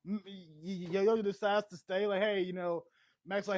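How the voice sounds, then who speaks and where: A man giving a casual spoiler recap of a TV episode, rambling and excitable, short on sleep. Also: sits high, normal speed. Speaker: TV show reviewer.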